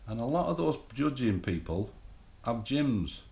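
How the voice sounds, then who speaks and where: Recorded in an echoey room, this middle-aged man from England is a bodybuilding vlogger giving a loose, foul-mouthed pep talk to camera. His mid-range voice is creaky and somewhat dark, with a sing-song lilt and a slightly slow delivery.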